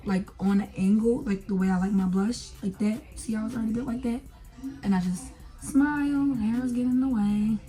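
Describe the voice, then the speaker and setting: A woman's voice: mid-range voice, warm tone. A young woman chatting casually through a makeup tutorial, talking to viewers with lots of fillers as she works. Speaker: beauty vlogger.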